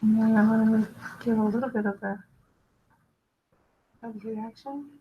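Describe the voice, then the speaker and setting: A woman's voice: on the high side, fairly even intonation, measured pace, lo-fi sound, slight background noise. A young woman artist casually talking through her storyboard drawing, chatty and self-deprecating as she thinks aloud.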